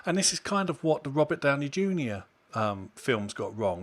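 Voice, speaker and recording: A podcast co-host speaks at medium pitch and a moderate pace, very animated and hardly pausing. In casual chat, he gets opinionated and emphatic, building to exasperated outbursts.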